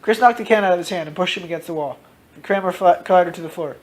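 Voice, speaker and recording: A man casually reading out his own story, dropping into loud voices for its characters. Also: sits high, very fast. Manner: switches into loud shouted character lines, swears freely.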